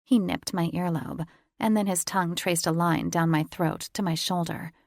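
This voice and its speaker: A woman's voice: fairly low pitch, moderate pace, creaky, no echo, clean studio sound. A woman narrating a first-person romance audiobook in an intimate, teasing reading.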